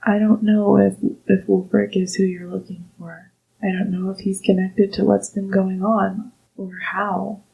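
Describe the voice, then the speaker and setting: A woman voicing a gruff, remorseful male orc father in a tabletop game. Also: medium pitch, flat delivery, unhurried, narrow, tinny audio. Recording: roomy, distant mic.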